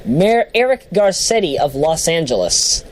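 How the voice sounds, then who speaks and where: This woman vlogger's voice is low and darkish, a little slow, with big pitch swings. Chatty and giggly, she works through a list, poking fun at herself and apologizing for mispronunciations, on a rough recording with a little hiss or hum.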